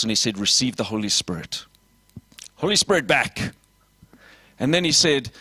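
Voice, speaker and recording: A man preaching a lively sermon as pastor, voicing little dialogues and asking the congregation questions. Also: mid-range voice, no room sound. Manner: animated preaching with acted dialogue and audience questions.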